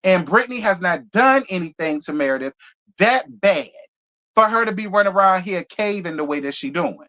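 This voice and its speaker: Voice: mid-range voice, expressive, a little fast, pushed and bright. A reality TV reviewer hosting a live show review, ranting in a blunt, profane, heated way and hammering points home by repeating them. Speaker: reality TV reviewer, channel host.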